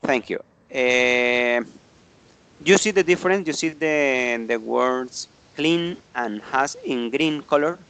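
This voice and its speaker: A man's voice: mid-range voice, takes it slowly, fairly bright tone, smooth. A man teaching an online English grammar class, explaining patiently and often checking in with tag questions.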